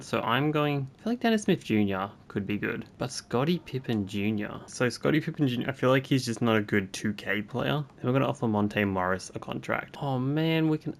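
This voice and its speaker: A young man giving casual commentary while playing a basketball video game, chatting along and reacting aloud with sudden excited jumps. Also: fairly low pitch, vocal fry. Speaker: gaming YouTuber.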